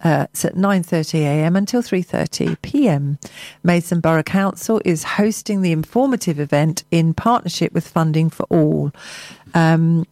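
A woman's voice: low voice, moderate pace, warm tone, no echo. Woman, co-host, playful, reads news items, dry close sound. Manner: playful, giggly, jokey asides. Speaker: radio show co-host. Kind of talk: casual chat and reading out local news.

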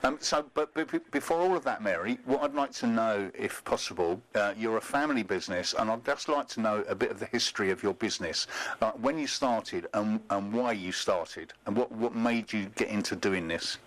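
A man's voice: on the low side, animated, a little fast, hardly any pauses, a bit bright, low-quality recording. Male radio host, casual and joking, stumbles on restarts. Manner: jokey, stammering restarts.

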